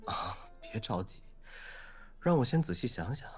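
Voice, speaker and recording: A smooth, teasing tycoon who owns the ship in a game. His husky voice carries an audible smile, easy and unhurried. Faint game music sits behind him. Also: on the low side, big pitch swings. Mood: probing. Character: suave wealthy male ship investor, teasing. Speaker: game voice actor. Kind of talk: game voice acting.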